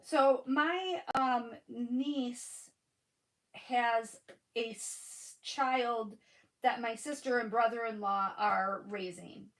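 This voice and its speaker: A middle-aged woman speaks extremely slowly in a slightly high voice, sniffling after crying while she chats with viewers on a craft livestream. She gushes and answers comments by name, and the recording is low-quality.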